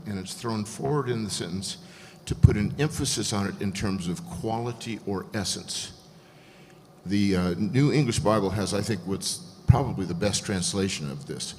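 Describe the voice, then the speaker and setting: A man calmly explaining Greek grammar point by point as a guest scholar. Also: on the low side, slight background noise. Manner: measured, methodical explanation. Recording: echoey hall, faint ambience.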